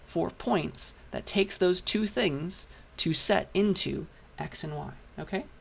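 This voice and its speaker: A man lecturing a programming class, patient and step by step while writing, his voice hoarse. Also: high-pitched, slow, fairly bright tone. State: hoarse, losing voice. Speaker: university lecturer. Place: lecture hall.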